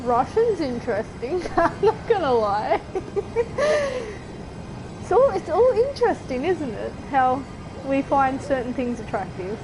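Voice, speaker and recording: A woman's voice: high-pitched, big pitch swings, a little slow, long pauses, background noise. Chatty Australian woman gaming. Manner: chatty, rambling, with frequent giggles and fillers. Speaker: gaming streamer. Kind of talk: casual chat while gaming.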